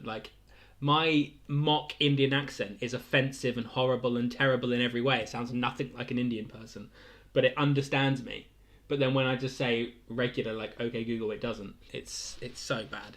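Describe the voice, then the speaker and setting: A young man with a medium-pitched, fairly bright voice hosts a weekly livestream quiz at a moderate pace. He's casual, rambling between questions and chuckling a lot.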